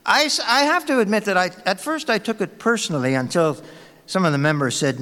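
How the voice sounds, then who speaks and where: Pastor, male, sermon: anecdotal and conversational, animated, a little high, in a long-reverb hall. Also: brisk. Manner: storytelling, conversational, warm anecdotes.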